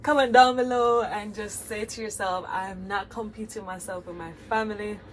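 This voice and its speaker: A woman's voice: mid-range voice, fairly even intonation, moderate pace, a little hiss or hum, poor audio. Earnest Jamaican woman vlogging. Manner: earnest, heartfelt, addresses viewers directly. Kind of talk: reflective vlog monologue.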